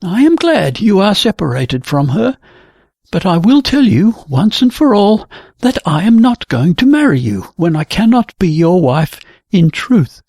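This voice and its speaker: Brief: reader voicing a resolute young woman artist, gravelly texture, dry close sound. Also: mid-range voice, very animated, a little slow, no echo, full character voice. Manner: quiet, firm and reflective.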